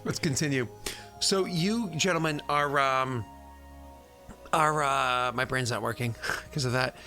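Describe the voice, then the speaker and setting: A man's voice: medium pitch, unhurried, pushed and bright, soft background music. A man running a tabletop game as game master, rambling with many fillers and frequent laughs.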